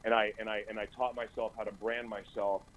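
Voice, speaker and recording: A man's voice: on the low side, flat delivery, fairly quick, fairly bright tone, highs cut off, a little hiss or hum. A man as a radio talk show guest, giving an earnest, intense personal testimony in a studio, often stumbling over and repeating his words. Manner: earnest, intense storytelling with stammered restarts.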